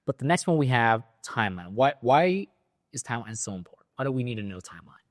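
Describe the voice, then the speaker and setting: A man's voice: medium pitch, sing-song, quick pace, no room sound, clean studio sound. A man co-hosting a casual discussion, asking questions and adding his own sales tips.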